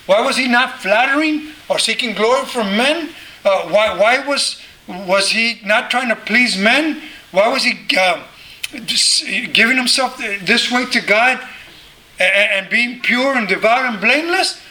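A man's voice: high-pitched, pushed and bright, slight background noise, poor audio. A middle-aged man preaching a sermon as pastor, earnest, often repeating and restarting his words.

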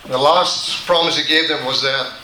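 A man's voice: fairly high pitch, steady tone, moderate pace, bright, forceful tone, roomy sound, a little hiss or hum, poor audio. A man preaching a sermon, teaching patiently and often restarting his sentences. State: dry mouth. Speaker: pastor.

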